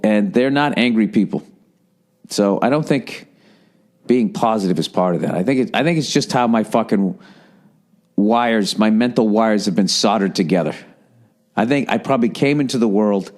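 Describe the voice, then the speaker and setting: A middle-aged man from the United States hosting a podcast, riffing in a rambling, exasperated comic monologue full of profanity. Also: darkish tone. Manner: frequent profanity, exasperated, mimics people in high voices. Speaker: podcast host.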